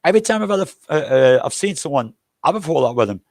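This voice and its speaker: A man's voice: fairly high pitch, sing-song, fast, vocal fry, darkish tone, dry recording, studio quality. An older man hosting a livestream, telling rambling, jokey anecdotes and swearing freely. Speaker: livestream host.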